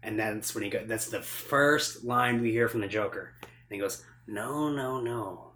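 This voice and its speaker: A man co-hosting a podcast, telling stories in a casual, animated way and swearing often. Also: lowish voice, normal speed, a little hiss or hum. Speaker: podcast co-host. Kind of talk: casual chat.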